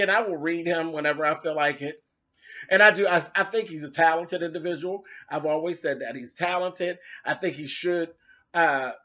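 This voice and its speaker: A man with a high voice rants in a sassy, cutting way, tossing off dramatic asides. The recording sounds dull and lo-fi. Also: pushed and bright. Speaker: commentator. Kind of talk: casual rant video.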